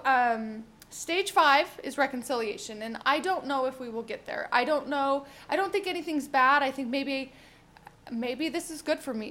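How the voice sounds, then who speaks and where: A woman's voice: high-pitched, fairly bright tone. A young woman talking candidly on her own podcast, rambling and swearing freely as she thinks aloud. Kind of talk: casual solo podcast monologue.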